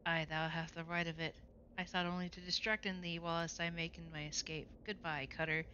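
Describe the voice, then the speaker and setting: A sly tree spirit, as a woman reads it out, lies in stiff old-fashioned phrasing through a low, bright-edged voice. The sound is dull and lo-fi with a faint hiss behind. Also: moderate pace. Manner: old-fashioned formal speech, calm. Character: sly lying tree posing as a man.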